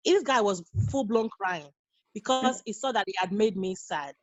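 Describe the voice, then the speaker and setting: A woman's voice: mid-range voice, expressive, normal speed, no room sound, rough recording. A woman in her thirties, a guest on a podcast, talking earnestly and telling stories in a casual interview. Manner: earnest, storytelling, acts out quoted dialogue. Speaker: guest, nurse and mother.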